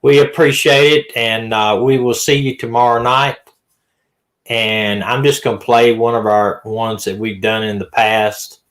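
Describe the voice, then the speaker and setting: A man hosting a live stream in a relaxed, folksy, reassuring way. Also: medium pitch, a little slow. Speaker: live-stream host, retired detective. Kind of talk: casual live-stream chat.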